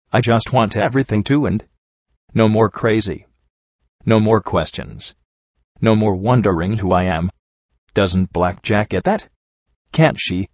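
Guy reading a tired bitter pony mare, low voice, sighs a lot, dry muffled recording. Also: dry recording. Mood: hopeless. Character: troubled young mare pony, weary and bitter. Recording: dull lo-fi recording.

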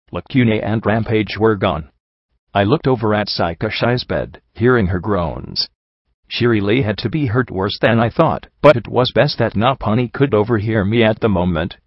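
A man narrating a first-person story in an earnest, steady reading, in a dull, slightly muffled recording. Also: lowish voice, dry recording. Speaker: audiobook narrator. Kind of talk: first-person fan fiction audiobook reading.

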